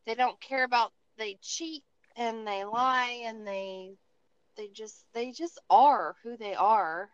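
A woman podcaster who chats slowly and freely, full of swearing and restarts. Her voice sits a bit high, and it is recorded close and dry with a somewhat dull, muffled sound. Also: no room sound. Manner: profane, animated storytelling with many restarts. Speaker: podcast host. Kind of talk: casual podcast chat.

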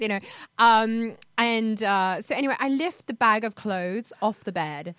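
A woman's voice: a little high, moderate pace, no echo. A woman guest on a talk show, telling a comic anecdote animatedly, acting out the people in it and laughing often. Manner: animated storyteller, acts out voices, laughs often.

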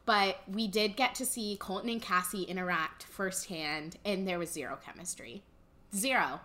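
Emphatic young woman with a bright voice. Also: mid-range voice, moderate pace. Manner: emphatic, blunt opinions. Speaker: co-host. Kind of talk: casual chat.

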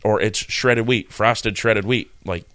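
A man's voice: fairly low pitch, fairly even intonation, slow, fairly bright tone, no room sound, clean studio sound. Rambling, laughing male podcast co-host. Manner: laughs often, rambling storyteller. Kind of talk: casual comedic chat.

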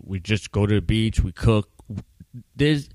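A man's voice: on the low side, animated, measured pace, a little mellow, dry recording. A man in his thirties from Trinidad, hosting a podcast and telling profane stories in casual chat, laughing often. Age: 30s. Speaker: podcast host.

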